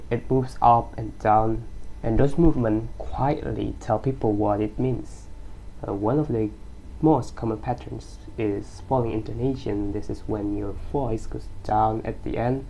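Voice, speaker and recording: A man's voice: on the low side, steady tone, unhurried, gravelly, mellow, a little hiss or hum, rough recording. A young man giving a class presentation, hesitant, with fillers and restarts. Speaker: student presenter.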